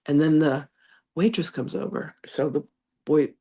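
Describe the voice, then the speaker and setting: A woman's voice: low voice, measured pace, creaky, slightly rough. A congested woman, a reverend and psychic medium, chatting through stories and reading a spiritual lesson. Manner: chatty, animated anecdotes with frequent laughter. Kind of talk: casual storytelling, then reading a channeled message.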